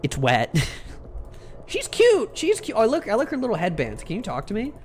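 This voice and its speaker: A man's voice: high voice, wildly swooping pitch, fairly quick, a little hiss or hum. A young man, a VTuber, chatting casually while streaming a game, rambling through jokey stories with lots of restarts and swearing. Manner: rambling, self-interrupting, joking and profane. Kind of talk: casual live-stream chat while gaming.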